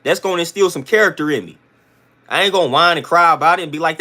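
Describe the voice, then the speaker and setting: On his livestream, a man rants to his chat with blunt, emphatic, slang-heavy talk that repeats its points over and over. His fairly high voice is animated, bright, forceful, and very fast.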